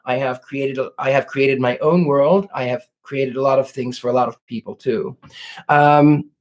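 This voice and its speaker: A man hosting a casual livestream Q&A as a psychic, talking in a gentle, effusive way. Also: mid-range voice, fairly even intonation, moderate pace. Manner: gentle and effusive, fond of 'lovely' and 'dear'. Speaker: psychic host. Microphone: home livestream setup.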